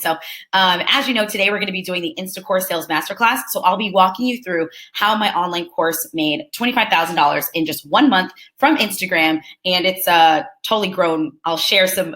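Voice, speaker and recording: A woman's voice: medium pitch, sharp tone. A young woman from Southern California with a Californian accent, hosting a live webinar and greeting attendees by name in an upbeat, chatty way. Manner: upbeat, chatty, reads names aloud with quick enthusiastic reactions. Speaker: webinar host.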